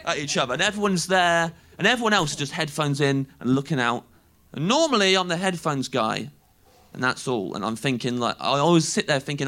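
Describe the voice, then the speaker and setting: Brief: comic in his thirties, bright, slightly high, lively storytelling. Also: fairly quick. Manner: animated, acts out voices, laughs through lines. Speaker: stand-up comedian. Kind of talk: stand-up storytelling.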